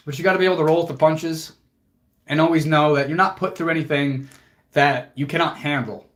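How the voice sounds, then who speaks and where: Fairly high-pitched and fairly bright, this young man's voice moves quickly with a fairly even intonation. He's a fitness coach hosting a livestream, talking to viewers in a heartfelt, motivational, casual way with plenty of swearing.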